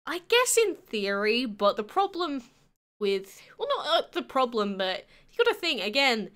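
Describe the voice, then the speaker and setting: A young English woman of nineteen chats casually on a livestream, picking up viewers' questions one after another. Her voice sits a little high and sounds bright and sharp. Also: big pitch swings, unhurried. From England. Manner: chatty, reads out and answers viewer questions. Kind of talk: casual chat answering live chat.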